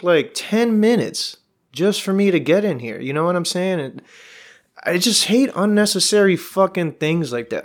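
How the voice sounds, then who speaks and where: A young man, hosting a podcast and telling a rambling, exasperated, profane story in casual chat. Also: fairly high pitch. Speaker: podcast host.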